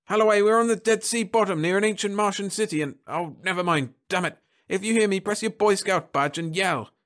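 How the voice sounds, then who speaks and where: A man voicing a gruff male spaceship captain who barks orders and curses. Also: high voice, brisk, fairly bright tone, voice pushed up. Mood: urgent barking. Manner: barking orders, cursing.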